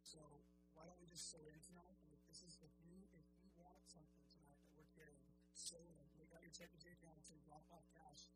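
Animated casual preacher over loud music. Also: male voice, a little high, brisk, low-quality recording. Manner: animated, chatty, acts out quoted voices. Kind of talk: casual sermon with an offering appeal. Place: church service. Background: loud instrumental music.

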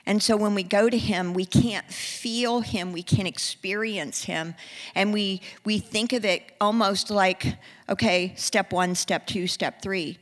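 An earnest woman preacher delivers a sermon in a mid-range voice, her words trailing off into a long reverb. She moves from hushed, tender passages to rising, emphatic calls. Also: medium pitch, steady tone, measured pace.

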